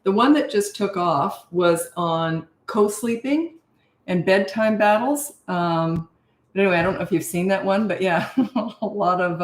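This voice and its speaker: An older woman, a parenting coach, chatting casually as she hosts a live stream, greeting viewers and laughing often. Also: on the low side. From Canada and Australia. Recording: roomy echo.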